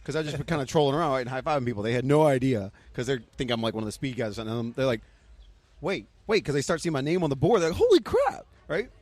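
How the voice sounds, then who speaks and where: A man, a podcast guest, telling an excitable story and acting out the voices of people he met. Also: medium pitch, racing, no room sound. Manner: excitable storyteller, acts out what others said. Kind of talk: casual chat.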